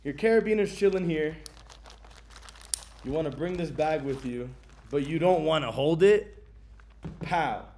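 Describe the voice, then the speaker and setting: A man vlogging about his travel gear in a casual, slangy way, with many ums and bursts of excitement. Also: fairly high pitch, measured pace, pauses often, a little hiss or hum.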